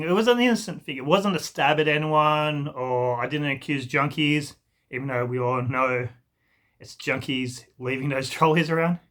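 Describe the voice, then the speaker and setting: A young man rants through a storytime vlog, rambling and swearing as his irritation spills over. His voice is bright and forceful and sits a bit high for a man. He keeps slipping into mocking impressions of the people he is complaining about. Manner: exasperated, rambling, swears freely, mocks others in put-on voices. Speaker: vlogger. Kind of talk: ranting storytime monologue.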